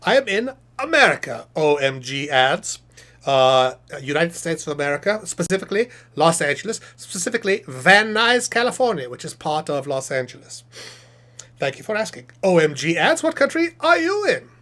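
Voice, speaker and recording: A man voicing a chatty, self-satisfied male puppet professor who hosts a live stream, reading chat questions aloud and rambling through them with deadpan jokes. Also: fairly high pitch, moderate pace.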